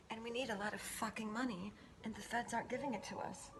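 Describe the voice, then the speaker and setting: A woman performing a comic monologue in a breathy, mock-seductive whisper, swearing often. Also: medium pitch, fairly even intonation, fast, few pauses, background noise. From United States. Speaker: comedic performer.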